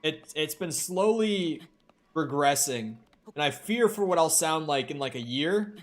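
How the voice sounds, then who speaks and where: This live-streamer is a Minnesota man with a light accent who talks freely, curses often and responds to chat aloud while playing. He speaks a little slowly in a fairly high, expressive voice.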